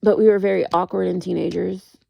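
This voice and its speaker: A woman's voice: on the low side, fairly even intonation, fairly quick, gravelly, mellow, no room sound. A woman talking in a casual, rambling vlog monologue, full of "like" and restarts as she tells dating stories. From United States. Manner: rambling, heavy use of "like", frequent restarts. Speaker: vlogger.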